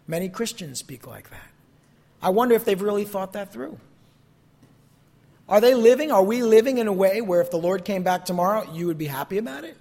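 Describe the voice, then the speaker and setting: A man preaching a sermon, reading scripture expressively and explaining it, his voice lifting on quoted verses and dropping low on conclusions. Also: expressive, fairly quick, darkish tone. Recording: long reverb in a large hall.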